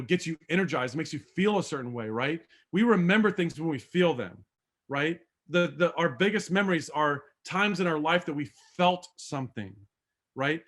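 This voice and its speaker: A man's voice: a little high, a bit bright. A man giving a live seminar talk on presenting, speaking conversationally and asking the audience questions, with many fillers. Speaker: speaker coaching doctors on presentations.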